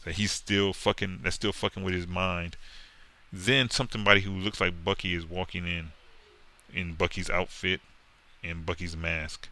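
A man ranting casually about comics in a profane, animated, mocking way. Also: deep voice, normal speed. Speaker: comic book commentator. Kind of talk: casual rant.

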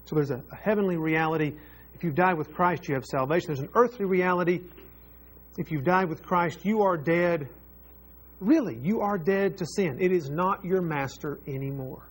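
A man's voice: on the high side, moderate pace, slightly rough. A man preaching a sermon as pastor, earnest and repeating phrases for emphasis.

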